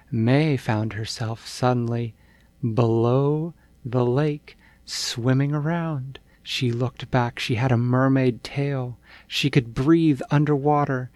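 Gravelly guy reading bedtime stories, slow n gentle, super dry sound. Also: medium pitch, no echo. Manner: gentle, unhurried storytelling. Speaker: storyteller.

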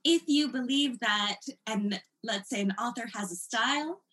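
Woman teaching a text study class, lively and emphatic, walks through it like she's explaining to students. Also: a little high, a little slow, poor audio.

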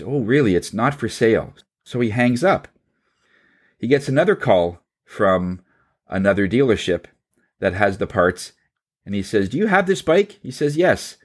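A man telling a long anecdote in a casual, halting way, voicing the people in it, then drawing a spiritual lesson. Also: fairly low pitch, husky. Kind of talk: storytelling talk with a spiritual message.

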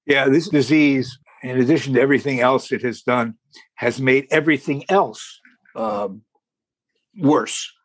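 A man hosts a talk show in a folksy, unhurried way, leaning on key words. His voice is husky and a little breathy. The sound is dry and close. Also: medium pitch, no room sound. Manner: folksy, deliberate, slows for emphasis. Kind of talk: hosting an interview show.

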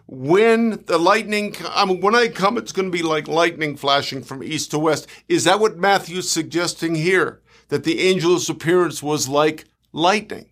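A male pastor delivers a sermon in a slightly high voice. He takes his time, reading scripture slowly and deliberately and repeating key lines to drive them home. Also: fairly bright tone. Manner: slow, deliberate reading of scripture with emphatic repetition.

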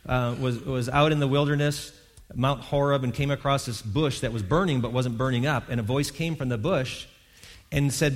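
A man delivers a sermon in a loose, conversational style, restarting phrases and acting out the quotes. His voice sits at an ordinary pitch, and a long reverb trails behind it as if he speaks in a large sanctuary. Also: moderate pace. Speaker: pastor.

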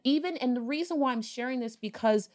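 A woman guest on a podcast, telling a personal story in a casual, animated way, acting out bits of dialogue and swearing now and then. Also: on the high side, fairly quick. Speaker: podcast guest, business owner.

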